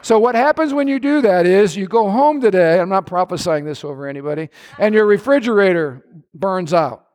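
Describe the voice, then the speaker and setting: A middle-aged male pastor preaching a sermon, swinging between shouted lines and hushed asides. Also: high voice, expressive, a little fast.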